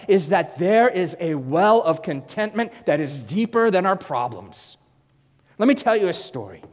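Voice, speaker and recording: A man preaching a sermon in an emphatic way, repeating phrases and swinging from loud to hushed. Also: high voice. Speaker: pastor. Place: church hall. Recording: long church-hall reverb.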